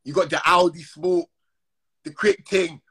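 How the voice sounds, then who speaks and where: A man holds forth on a phone livestream. His voice is husky and sits a little high for a man. His delivery is heated, slangy and full of repeated call-outs. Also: fairly even intonation, measured pace, bright, forceful tone. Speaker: Instagram live streamer. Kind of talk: confrontational live-stream rant.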